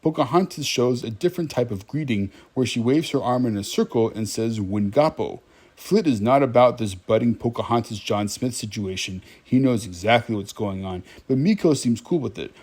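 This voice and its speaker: A man's voice: mid-range voice, animated, brisk, hardly any pauses, a little mellow, husky. A man giving a casual, wry movie recap, chatting directly to his viewers.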